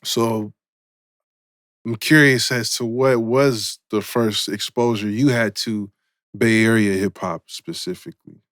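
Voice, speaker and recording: A man's voice: lowish voice, fairly even intonation, a little slow, fairly bright tone, no echo, studio quality. A man hosting a podcast interview, asking curious questions and giving short, encouraging replies. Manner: brief encouraging prompts, curious. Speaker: podcast host.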